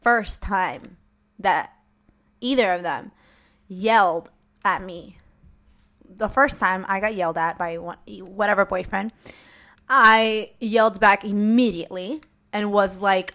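Young woman host, casual and blunt, mid-range voice, acts out her comebacks in lively bursts. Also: mid-range voice, a little slow, pauses often. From Latina. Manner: frank, animated, swears casually, acts out her own comebacks. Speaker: podcast host. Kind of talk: casual advice chat.

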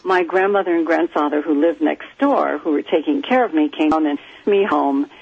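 A woman from California, a psychic guest, telling a childhood story in a lively, animated way over the phone. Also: low voice, normal speed, creaky, breathy edge. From California, USA. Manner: animated, lively storyteller who acts out quoted voices. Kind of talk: storytelling in a phone-in radio interview. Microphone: telephone. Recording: muffled phone line.

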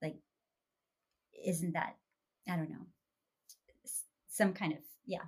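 A woman's voice: fairly low pitch, steady tone, slow pace, darkish tone, breathy edge. A woman co-hosting a podcast, talking things through thoughtfully, sometimes searching for words. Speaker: podcast co-host. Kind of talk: casual podcast chat.

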